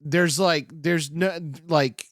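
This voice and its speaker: A man's voice: on the high side, steady tone, takes it slowly, fairly bright tone, no echo, clean studio sound. A young man hosting a comedy podcast, reacting to news clips with sarcastic, profane, rambling commentary.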